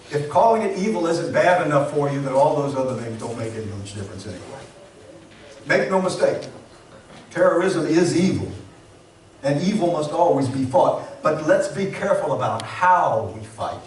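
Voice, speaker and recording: A man pastor preaches in an earnest, measured way, leaning on pauses for emphasis. His somewhat high voice is picked up from a distance. It rings through a very echoey church hall with a faint hiss behind it. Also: lively intonation, a little mellow. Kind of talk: sermon. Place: church sanctuary.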